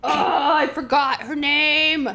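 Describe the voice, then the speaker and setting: A young woman with a fairly high voice hosts a podcast in loose, casual chat. She swears freely and keeps losing track of names as she talks. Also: fairly even intonation, takes it slowly, gravelly, pushed and bright. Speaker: podcast host.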